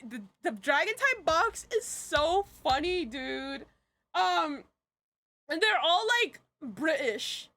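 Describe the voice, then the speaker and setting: A woman's voice: sits high, fairly bright tone, no room sound. A young woman answering questions on a casual live stream, rambling and giggly with many fillers and restarts. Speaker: streamer and project creator.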